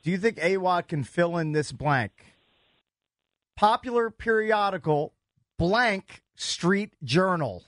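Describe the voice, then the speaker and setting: A man co-hosting a sports radio show who teases the contestants and laughs easily. His voice sits high and swings widely in pitch, and the sound is dry and close to the mic. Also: lively intonation, fairly bright tone, no echo. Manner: teasing, quick to laugh. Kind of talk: casual sports radio banter.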